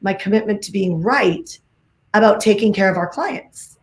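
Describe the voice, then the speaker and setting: A woman giving an energetic talk on a video call, emphatic and full of repeated phrases and "like"s. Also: mid-range voice, moderate pace, reverberant. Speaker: guest speaker.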